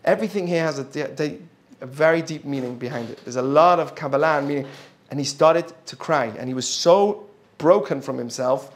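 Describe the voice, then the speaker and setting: A man's voice: fairly high pitch, brisk. A man teaching a Torah lesson, telling a Talmud story with rhetorical questions to his listeners and explaining Hebrew terms as he goes. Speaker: religious teacher.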